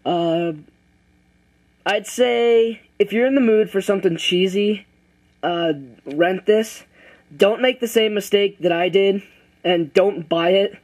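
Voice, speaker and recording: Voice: mid-range voice, slow pace, long pauses, a little mellow, poor audio. A casual movie reviewer retelling a plot in a rambling way, full of fillers and restarts.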